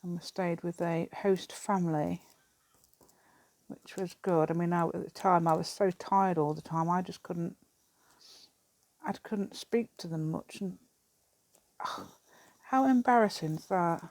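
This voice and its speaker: A woman's voice: fairly low pitch, measured pace, long pauses, a little mellow, dry recording. A middle-aged English woman chatting in a rambling way while she works on a craft project, laughing often. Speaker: craft vlogger. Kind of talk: casual chat while crafting.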